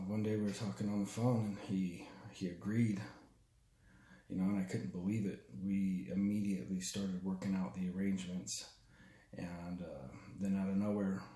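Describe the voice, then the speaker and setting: A young man telling a personal story in a halting, raw way, full of restarts and swearing. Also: deep voice, little pitch movement, dark tone, reverberant. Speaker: storyteller recounting his father's death. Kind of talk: personal spoken testimony.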